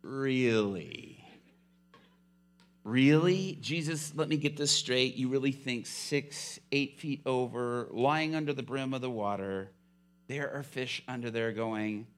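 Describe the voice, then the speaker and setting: A man putting on a low, sarcastic weary fisherman. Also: natural voice. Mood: incredulous. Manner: sarcastic, drawn-out mocking explanations.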